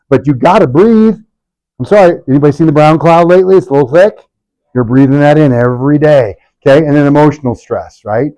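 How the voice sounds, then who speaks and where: A man's voice: mid-range voice, brisk, mellow. Punchy sarcastic man teaching a workshop. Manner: punchy, sarcastic, full of rhetorical questions. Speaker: chiropractor leading a workshop. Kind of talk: live workshop talk to an audience.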